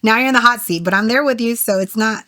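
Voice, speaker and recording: A woman's voice: a little high, quick pace, pushed and bright. A young woman hosting a podcast, chatting casually, teasing her guest and laughing often. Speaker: podcast host.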